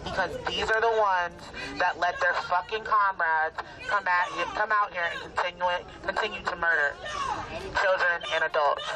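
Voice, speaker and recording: Protest speaker, man, high voice, fierce and profane, crowd behind. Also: fairly even intonation, moderate pace, noisy background. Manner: forceful, profane. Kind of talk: impassioned protest speech.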